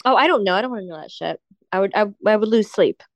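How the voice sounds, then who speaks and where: A woman's voice: medium pitch, fast, no echo. A woman hosting a podcast, chatting casually and teasing with frequent laughs. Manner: playful, teasing, laughs often. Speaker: podcast host. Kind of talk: casual chat.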